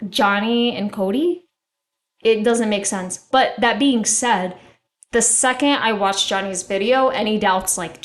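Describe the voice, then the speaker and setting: A young woman giving casual, rambling commentary with strong opinions, often filling with "like". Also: medium pitch. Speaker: commentary YouTuber.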